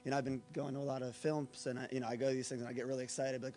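Mid-pitched male panelist, hesitant and full of fillers. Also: level tone, racing, few pauses, a little mellow. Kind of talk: casual panel discussion.

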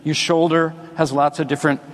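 Man giving a stage talk, a bit high-pitched, rambling and self-mocking, reverberant large hall. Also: flat delivery, a little fast. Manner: rambling and self-deprecating, with jokes to the crowd. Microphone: wearing a body mic.

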